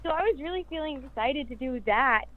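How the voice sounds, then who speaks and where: High-voiced excited woman, lo-fi sound. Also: fairly quick. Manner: excited, upbeat. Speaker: voice actress guest. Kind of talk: casual chat on a podcast.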